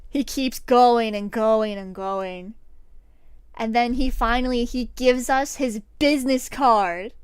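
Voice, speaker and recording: A young woman streaming, telling a story in casual chat, animated, swearing freely and laughing often. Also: fairly high pitch, slow, clear, resonant tone, no room sound, clean studio sound.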